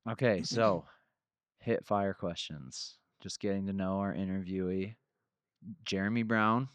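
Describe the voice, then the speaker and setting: A man in his thirties hosting a podcast, relaxed and chatty, laughing easily and talking with plenty of fillers. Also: deep voice, a little slow, smooth, dry recording. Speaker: podcast host. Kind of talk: casual chat.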